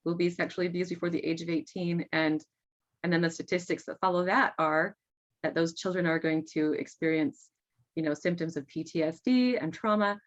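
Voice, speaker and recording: A woman's voice: on the low side, a bit bright. A middle-aged mother talking earnestly as a podcast guest, often laughing. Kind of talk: casual interview talk. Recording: dull lo-fi sound.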